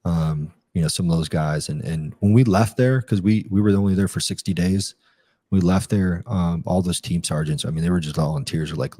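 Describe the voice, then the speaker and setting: A middle-aged man with a very low, mellow voice recalls his service in a relaxed interview. He talks in loose runs, full of fillers and restarts. The sound is dry and close. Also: normal speed, slightly rough, no echo. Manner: rambling, many fillers and restarts. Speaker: guest, retired Army captain. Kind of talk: casual interview storytelling.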